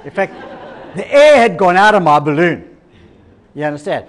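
High-voiced preacher. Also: male voice, normal speed. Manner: animated storyteller acting out quoted dialogue. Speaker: pastor. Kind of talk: sermon with personal story.

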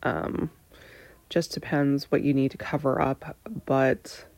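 Slow, gravelly, hesitant woman. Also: a bass voice, little pitch movement, darkish tone, dry recording. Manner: hesitant, lots of pauses and fillers, drifting into breathy near-whispers. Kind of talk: candid answering of personal questions.

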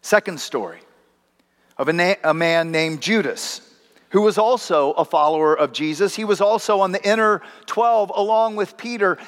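A man's voice: high-pitched, normal speed, fairly bright tone. A male pastor preaching a sermon, telling stories with acted voices and wry asides. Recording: long hall reverb.

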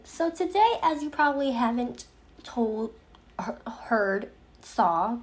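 Young female podcast host, higher pitched, bubbly, trips over words. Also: animated, slow pace. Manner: bubbly, giggly, stumbles and restarts. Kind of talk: casual blooper reel of podcast intros.

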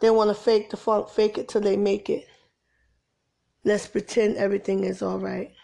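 A woman preaching an informal sermon, swinging from exasperated emphasis to soft, near-whispered lines. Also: mid-range voice, flat delivery, moderate pace, creaky.

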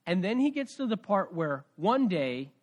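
A pastor preaching a conversational sermon, telling a story with swings between loud and soft. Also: male voice, sits high, very animated, normal speed.

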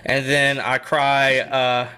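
A man's voice: medium pitch, completely flat delivery, slow, sharp tone, clear, resonant tone. A young man co-hosting a casual podcast, rambling and self-deprecating, laughing often as he talks. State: a bit out of breath. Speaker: podcast co-host and youth pastor.

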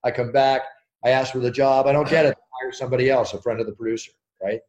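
A middle-aged man, an interview guest, telling animated stories with energy and acting out quotes and sound effects. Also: medium pitch, fast, dull audio. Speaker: interview guest, ring announcer. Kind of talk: animated storytelling.

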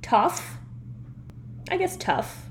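A woman's voice: very slow, a little hiss or hum. Woman, young adult, podcast co-host, casual chat, rambling, laughing. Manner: chatty, laughing, rambling with many likes.

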